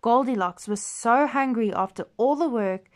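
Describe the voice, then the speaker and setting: A woman reading a children's storybook aloud in a clear, gentle read-aloud manner. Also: fairly high pitch, moderate pace.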